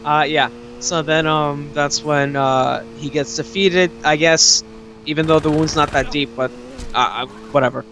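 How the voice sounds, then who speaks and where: A man's voice: on the high side, steady tone, measured pace, fairly bright tone, a little hiss or hum. A young man hosting a gaming video, rambling casually as he retells movie scenes. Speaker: let's play host. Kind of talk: casual gameplay commentary.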